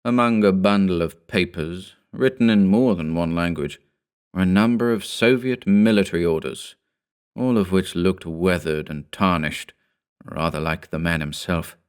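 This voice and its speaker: A man giving measured, somber first-person scripted narration of a horror story. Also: low-pitched, clear, resonant tone.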